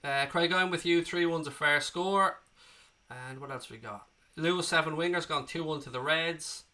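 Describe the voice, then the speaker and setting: With a cold and an Irish accent, a man hosting a casual live stream replies to chat messages, calling viewers mate and swearing freely. His voice is a little high and pushed bright, at normal speed.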